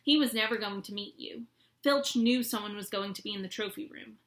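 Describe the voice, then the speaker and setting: A woman's voice: medium pitch, brisk, reverberant, close to an everyday voice. Woman doing a bossy know-it-all schoolgirl. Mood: insistent. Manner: insistent, lecturing.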